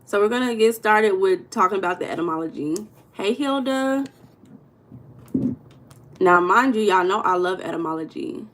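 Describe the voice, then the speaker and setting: Casting: young woman, relaxed livestream host, medium pitch, chatty and loose with viewers. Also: moderate pace, long pauses. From United States. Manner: chatty, greets chat viewers by name. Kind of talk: casual livestream chat.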